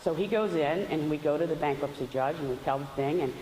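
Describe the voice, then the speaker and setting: A woman's voice: deep voice, fast talker, mellow. A woman giving a chatty faith testimony, telling stories with loose asides. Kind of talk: storytelling testimony talk. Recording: roomy hall with faint hiss.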